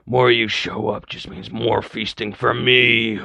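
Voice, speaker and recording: A man voicing a huge, hungry talking male zombie that drags out its threats in a slow, menacing way. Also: mid-range voice, level tone, gravelly, pushed and bright, no echo, heavily acted. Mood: gloating. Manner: slow, drawn-out menacing speech. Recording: dull, lo-fi, dry recording.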